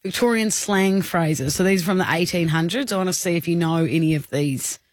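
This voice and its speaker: A woman with an Australian accent hosting a radio show, chatting quickly and teasing her co-host with plenty of laughter. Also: on the low side, dry recording, studio quality. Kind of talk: casual radio banter. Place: radio studio.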